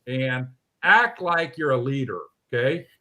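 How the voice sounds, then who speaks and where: A man's voice: mid-range voice, a little slow. A man hosting an online discussion over a video call, talking bluntly and animatedly with some mild swearing. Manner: blunt, animated, mildly profane. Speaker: host of a local politics livestream.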